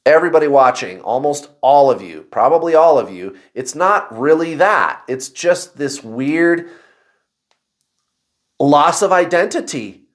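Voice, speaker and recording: A man hosting a spiritual video, telling viewers a personal story in a casual, confessional way, with animated outbursts and exclamations. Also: mid-range voice.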